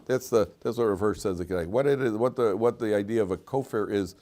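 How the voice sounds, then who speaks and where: A man's voice: fairly low pitch, a little fast, mellow. A man teaching a class as a rabbi, repeating his key lines for emphasis and telling stories. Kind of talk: classroom lecture. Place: classroom with students.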